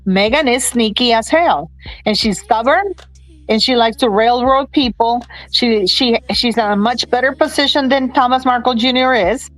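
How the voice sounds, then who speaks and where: A woman's voice: on the high side, low-quality recording. A woman talking in a casual livestream chat, emotional and indignant, often stumbling and restarting her sentences. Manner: halting, many restarts, tearful and indignant. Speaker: commentator on a livestream.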